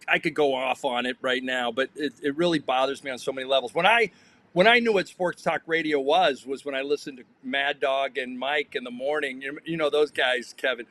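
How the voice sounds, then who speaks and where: A man's voice: mid-range voice, a little fast, bright, forceful tone. A male sports journalist chatting on a panel, rambling with many restarts. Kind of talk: casual panel chat.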